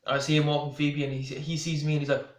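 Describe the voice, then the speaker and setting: An Irish man tells a story to camera in a somewhat high voice, rambling and doubling back with asides as he goes. His words ring out in a noticeably echoey room. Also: flat delivery, racing. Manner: rambling, full of restarts and asides. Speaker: vlogger. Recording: roomy echo.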